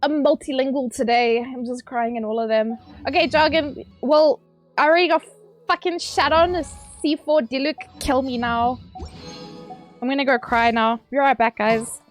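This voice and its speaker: A woman streaming a game, chatting casually with viewers, excitable and swearing, squealing at her pulls. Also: sits high, normal speed, faint music behind.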